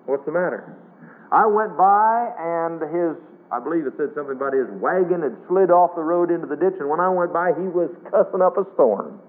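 A man's voice: a little high, brisk, few pauses. A male preacher delivering a sermon in an emphatic storytelling way, asking the congregation questions. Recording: tinny radio broadcast.

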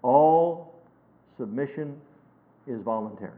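A man's voice: medium pitch, expressive. Emphatic preacher man on a tinny recording. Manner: emphatic, swings between loud and hushed; quotes scripture in a measured cadence. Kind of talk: sermon. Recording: tinny phone-like sermon recording.

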